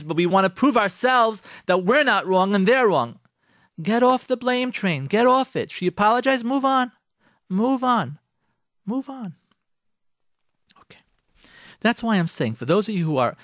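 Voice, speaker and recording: On his radio talk show, a high-voiced man dispenses marriage advice, repeating himself emphatically and animatedly acting out quotes. The audio is clean studio sound without echo.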